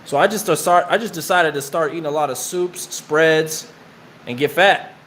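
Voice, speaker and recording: A man's voice: fairly high pitch, normal speed, a bit bright, a little hiss or hum. A man casually telling rambling, profane prison stories in slang while his friend draws on him. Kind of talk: casual storytelling while getting tattooed.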